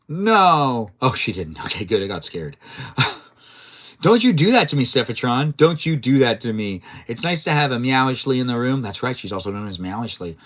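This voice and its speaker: A man's voice: mid-range voice, a bit bright. Playful chatty male game streamer. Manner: playful, chatty, reads chat aloud and reacts to the game. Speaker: live streamer. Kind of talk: casual gameplay live-stream chat.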